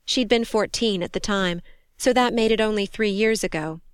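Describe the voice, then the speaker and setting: A woman reading a war story aloud in steady, measured scripted narration. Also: mid-range voice, clear, resonant tone, dry recording, clean studio sound. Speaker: audiobook narrator.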